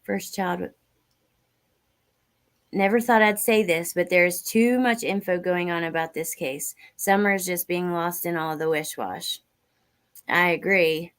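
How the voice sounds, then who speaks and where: A woman's voice: lowish voice, steady tone, measured pace, clean tone. Woman musing through a livestream. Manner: muses aloud and reads out chat comments. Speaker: livestream host. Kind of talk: livestream reaction commentary.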